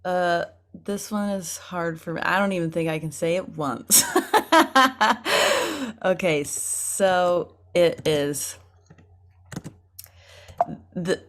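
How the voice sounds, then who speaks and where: A woman acting coach leading a playful vocal warm-up over a video call, laughing often and encouraging. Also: lowish voice, steady tone, takes it slowly, long pauses.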